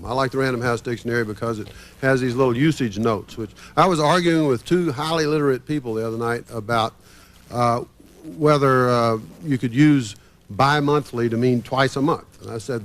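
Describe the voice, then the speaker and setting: A man's voice: medium pitch, moderate pace. Chatty man telling an anecdote. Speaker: panel guest. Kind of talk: discussion panel.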